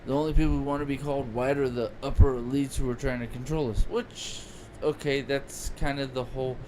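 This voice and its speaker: A man's voice: medium pitch, steady tone, fairly quick, mellow, poor audio. A man co-hosting a podcast in casual chat, rambling and opinionated. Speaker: podcast co-host. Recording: noticeable background noise.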